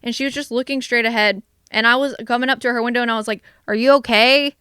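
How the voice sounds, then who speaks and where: A young woman with a smooth, clear voice pitched a little high tells a run-on story, swearing freely and sprinkling "like" everywhere. The sound is dry and close, with no room around her. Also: rapid-fire, no room sound. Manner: animated, profane storytelling with many "like"s. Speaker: vlogcast co-host. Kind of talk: casual chat.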